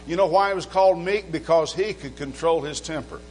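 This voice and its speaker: A man's voice: a little high, brisk, a little mellow, low-quality recording. Man preaching a conversational sermon. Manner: conversational preaching with rhetorical questions and humor. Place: church sanctuary.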